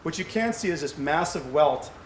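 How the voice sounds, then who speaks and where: A man's voice: on the high side, expressive, moderate pace. A middle-aged man speaking conversationally to a fundraiser audience, telling stories and asking rhetorical questions. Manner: anecdotal, asks rhetorical questions. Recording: echoey hall with faint background hum.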